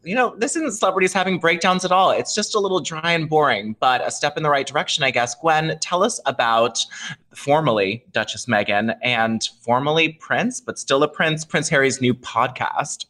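Wry man with a bright voice. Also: a little high, normal speed. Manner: wry, joking, leads topic changes. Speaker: podcast co-host. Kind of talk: casual celebrity gossip chat.

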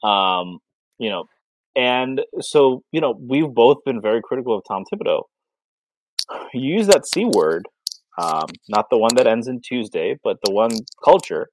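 A man's voice: mid-range voice, very animated, normal speed, a little hiss or hum, low-quality recording. A man co-hosting a podcast in casual sports chat, rambling with many fillers and restarts. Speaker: podcast co-host.

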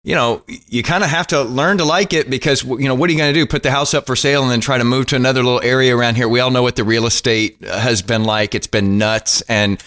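Bright-voiced joking male podcast host. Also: mid-range voice, steady tone, quick pace, hardly any pauses. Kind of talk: casual chat.

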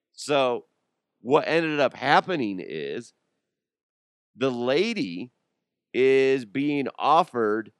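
A man's voice: medium pitch, clean tone, no echo, studio quality. A young adult man hosting a podcast, riffing and joking in a casual comedic monologue, often laughing and putting on voices. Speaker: podcast host.

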